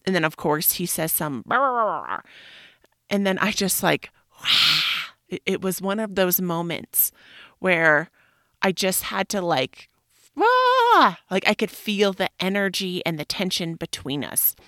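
Frank, animated woman podcaster, dry close mic. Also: lowish voice, measured pace, no echo. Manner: frank and animated, swears casually, leans on "like" fillers. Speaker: podcast host. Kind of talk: candid personal monologue.

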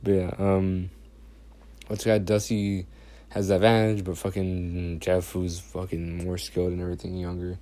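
A man's voice: sits low, monotone, normal speed, dark tone. A young man casually recapping a wrestling episode, rambling, swearing a lot and laughing often. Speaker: podcast host.

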